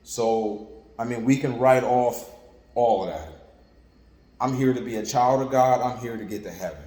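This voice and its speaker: A man's voice: medium pitch, normal speed, dark tone. A man preaching an informal sermon in a conversational, repetitive way, with lots of "like" and "you know what I'm saying". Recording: echoey room with long reverb and faint ambience.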